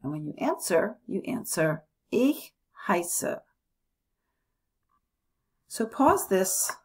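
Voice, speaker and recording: A woman from the United States teaching a language lesson, slowly modeling phrases and repeating them for students. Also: on the low side, darkish tone, husky.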